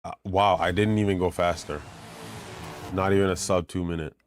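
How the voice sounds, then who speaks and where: A man giving chatty, self-mocking commentary while playing a racing game, getting excited when he pulls ahead. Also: sits low, moderate pace, faint music behind. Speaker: gamer commentating his play. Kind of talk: casual gameplay commentary. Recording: game engine noise behind voice. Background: racing game car sounds.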